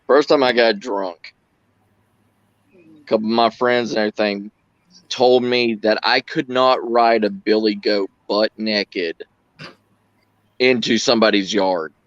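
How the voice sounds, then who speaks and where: A man with a Southern US accent hosting a casual live stream, telling stories with animated delivery. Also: lowish voice, unhurried, long pauses, no room sound, muffled recording. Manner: animated storyteller, slips into exaggerated drawl. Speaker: channel host.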